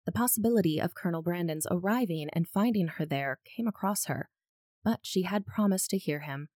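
A woman co-hosting a casual book podcast, reading narration aloud and chatting in an expressive, lively way. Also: fairly low pitch, no room sound, clean studio sound. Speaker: podcast co-host.

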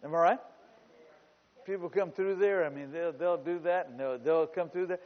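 A pastor preaching a sermon, telling humorous stories and building up to shouts. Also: male voice, a little high, moderate pace, big-room sound, highs cut off. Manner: storytelling with humor, rising to shouts.

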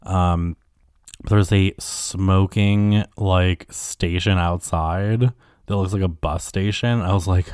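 A man's voice: low voice, steady tone, unhurried, a little mellow, no echo, clean studio sound. A man hosting a solo podcast, rambling casually with lots of filler words and swearing. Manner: rambling, heavy on "like" and "um", profane. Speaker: podcast host.

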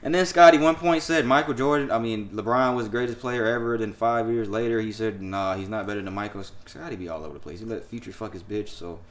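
A man hosting a casual sports and pop-culture podcast, profane and laughing, swinging between loud and quiet. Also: medium pitch, fast, few pauses. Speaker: podcast host.

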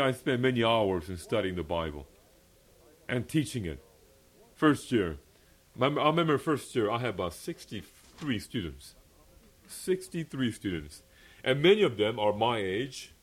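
A young male pastor gives a personal testimony sermon at a fellowship meeting, earnest and emphatic, laughing often and repeating key phrases. His medium-pitched voice swings widely in pitch, keeps a moderate pace, and pauses often.

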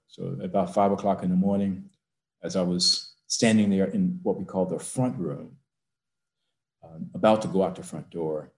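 A man's voice: deep voice, a little mellow, roomy sound. A university president, a man, telling a personal story in an interview from his office, building to emphatic peaks.

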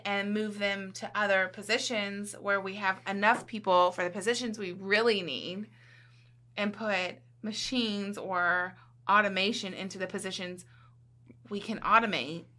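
A woman talks casually as a podcast guest, with a bright and forceful voice. She is talkative and keeps tagging her points with "right?". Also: mid-range voice, steady tone, unhurried. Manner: talkative, often checks in with "right?".

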